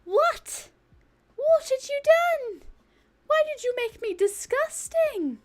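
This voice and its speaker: A woman putting on a shrill outraged Scottish voice. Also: lively intonation, slow pace, noisy background, heavily acted. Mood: disgusted outrage. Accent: put-on Scottish. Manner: indignant shouting.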